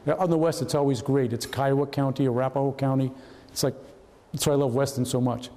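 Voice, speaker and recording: Talking fast in a medium pitch, a retired FBI agent in his seventies addresses a large hall as guest speaker at a historical society event. His anecdotes are lively, and he plays out the voices of everyone he quotes.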